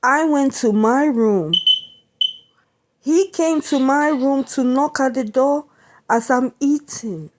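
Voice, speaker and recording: A woman's voice: high-pitched, takes it slowly, darkish tone. A woman venting indignantly to camera in a vlog, often asking her listeners whether they understand. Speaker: vlogger.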